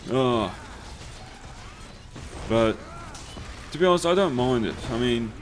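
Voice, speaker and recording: A man's voice: medium pitch, animated, normal speed, a little hiss or hum. A young man, telling swear-laden stories and laughing as he plays a game. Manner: swears freely, laughs through his stories. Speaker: let's play host. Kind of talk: casual storytelling over gameplay.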